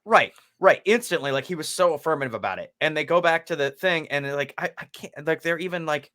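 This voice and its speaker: A man co-hosting a casual hockey podcast, talking fast and loose, swearing freely and acting out other people's lines. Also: a little high. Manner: animated, swears freely, acts out quotes. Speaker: podcast co-host. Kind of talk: casual sports chat.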